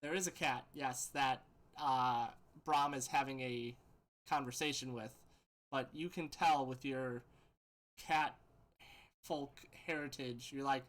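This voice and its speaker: A man's voice: mid-range voice, fairly even intonation, takes it slowly, fairly bright tone. A man running a tabletop game as game master, loose and laughing, with many fillers.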